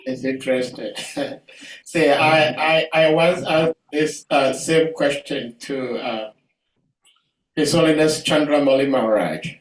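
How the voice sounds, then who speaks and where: A man taking part in a casual class discussion, speaking haltingly with many pauses and "uh" fillers. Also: fairly high pitch, slight background noise. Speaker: class participant. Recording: roomy sound from a distant mic.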